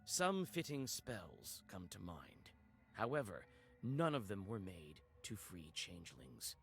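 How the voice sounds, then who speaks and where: A man narrating a dark story in second person in a measured, atmospheric manner. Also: sits low, sing-song, creaky, faint music behind.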